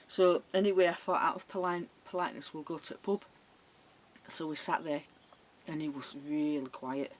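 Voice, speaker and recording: A woman's voice: low voice, a little hiss or hum. A woman telling funny dating stories in a chatty, laughing way, acting out the other people's lines. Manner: chatty, laughing, acts out voices. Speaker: vlogger. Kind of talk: casual storytelling.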